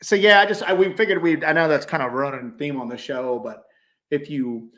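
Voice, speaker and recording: A man co-hosting a casual livestream, rambling and animated, slipping into quoted voices as he tells stories. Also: a little high, a little fast. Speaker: co-host.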